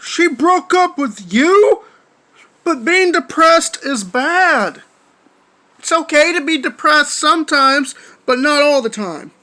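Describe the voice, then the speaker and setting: A man replying to another video, speaking in a measured, lecturing tone with stiff phrasing. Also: very high-pitched, expressive, bright, forceful tone. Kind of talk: calm commentary.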